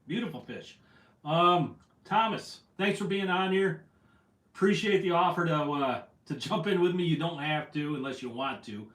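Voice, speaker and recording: A man's voice: fairly high pitch, animated, normal speed, a bit bright. A man hosting a casual fishing livestream, reading out viewer comments in a rambling, self-deprecating way. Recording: echoey room, voice from afar.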